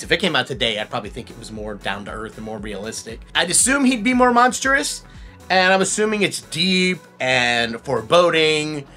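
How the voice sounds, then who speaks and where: A man, a voice impressionist, hosting a playful guessing game, animated and quick to laugh. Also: mid-range voice. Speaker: voice impressionist, host.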